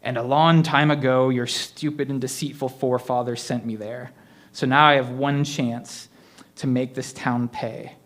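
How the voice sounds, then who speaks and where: A man's voice: mid-range voice, fairly even intonation, normal speed, fairly bright tone, close to an everyday voice. A man putting on a gloating vengeful ghost. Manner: mocking, gloating, theatrical menace. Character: vengeful male ghost possessing a middle-aged man. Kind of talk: live story reading.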